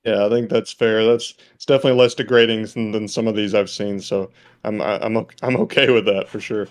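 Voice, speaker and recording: A man from Mississippi in casual podcast chat, relaxed and chuckling often. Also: on the low side, a little fast. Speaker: podcast co-host.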